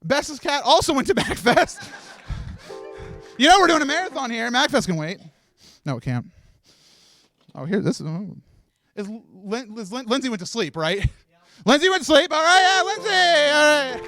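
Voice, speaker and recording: Nervous rambling man, high voice. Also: sing-song, normal speed, long pauses, bright, forceful tone, no echo, soft background music. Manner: nervous, rambling, laughs often. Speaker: host handing out awards. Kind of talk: emotional live event speech. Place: live stream event room.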